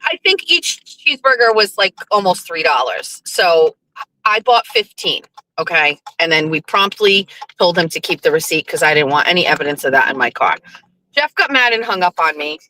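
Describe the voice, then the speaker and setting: A woman's voice: fairly low pitch, expressive, normal speed, sharp tone, poor audio. A woman hosting a show, telling a casual story in a chatty, profane way full of fillers. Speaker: radio show host.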